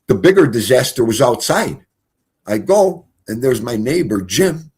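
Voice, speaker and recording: Middle-aged male streamer, lively storyteller, husky voice, swings between shouts and mutters. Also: medium pitch, unhurried. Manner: animated, swings from loud exclamations to quiet mutters. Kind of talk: casual storytelling livestream.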